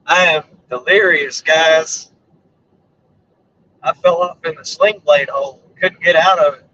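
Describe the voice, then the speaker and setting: Streaming live from his vehicle, the same kind of worn-voiced, middle-aged storm chaser chats loosely in a goofy, self-deprecating, joking way. His slightly high, sharp voice comes at a measured pace with frequent pauses. The mic is distant and the lo-fi sound carries some hiss or hum.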